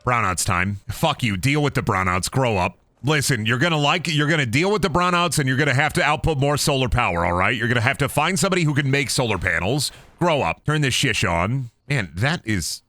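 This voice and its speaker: A young man rambles through his game stream in a goofy, joking way. His pitch bounces around a lot and he often breaks into silly high voices. The tone is bright and forward, recorded close and dry with no room sound. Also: animated, a little fast, few pauses, no echo. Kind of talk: casual gameplay commentary.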